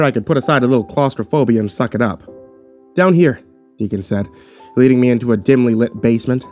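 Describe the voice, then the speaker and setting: A man's voice: medium pitch, darkish tone. Give me a man narrating a horror story. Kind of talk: scripted narration.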